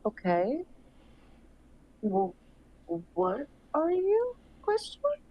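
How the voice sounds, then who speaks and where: Slow, hesitant woman on a dull mic. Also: sits high, huge pitch swings. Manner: hesitant, curious, questioning. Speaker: player. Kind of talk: in-character tabletop role-play.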